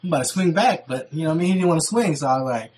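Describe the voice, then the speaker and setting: A man's voice: on the high side, animated, very fast, a little mellow, slight background noise. A young man vlogging, telling stories casually with heavy slang and swearing, acting out what people said. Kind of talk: casual storytelling.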